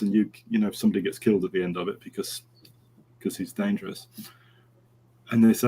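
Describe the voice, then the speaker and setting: A man's voice: fairly low pitch, fast talker, pauses often, breathy edge, low-quality recording. A middle-aged man, a horse trainer, telling a story as a podcast interview guest and acting out the dialogue as he goes. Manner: animated anecdote, acting out quoted dialogue.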